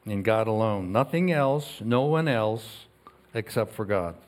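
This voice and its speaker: A man preaching a sermon as pastor. He talks earnestly, swings between loud emphasis and quiet asides, and reads scripture slowly. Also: on the low side, expressive.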